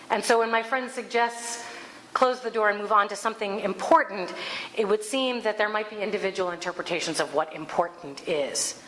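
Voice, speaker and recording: A woman host giving a spiritual reflection talk, telling stories in an animated way with laughter. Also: medium pitch. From Alaska. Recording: echoey room, faint background noise.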